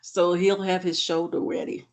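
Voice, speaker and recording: A woman with a lowish voice hosts a casual conversation. She tells stories with lots of energy, and her pitch leaps up when she is excited. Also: normal speed. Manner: animated storyteller, voice jumps up when excited. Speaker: host. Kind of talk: casual chat.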